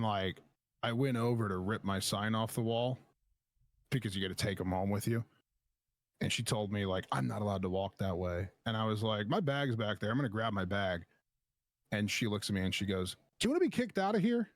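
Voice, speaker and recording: A man's voice: on the low side, dry recording, clean studio sound. A man casually telling a story on a stream, swearing often and acting out both sides of an argument. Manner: profane, animated retelling with quoted back-and-forth.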